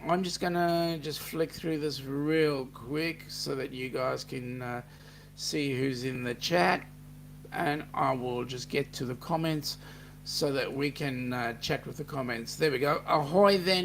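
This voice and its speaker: Australian male host, unhurried joking chat, faint hiss. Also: on the high side, steady tone. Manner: joking, chatty, reads viewer comments aloud. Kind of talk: casual livestream chat reading comments.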